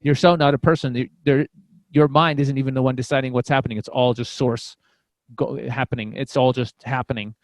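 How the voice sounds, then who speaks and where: A man's voice: medium pitch, fairly even intonation, brisk, no room sound. Chatty profane man with a dry sound. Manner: rambling, profane, frequent restarts. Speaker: podcast guest, comedian. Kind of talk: casual storytelling.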